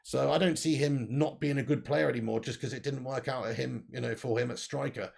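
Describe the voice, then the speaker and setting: A man's voice: mid-range voice, fairly even intonation, fairly quick, gravelly, darkish tone, husky. A young man hosting a casual football livestream, talking bluntly, swearing often and reading out the live chat. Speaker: football channel livestream host.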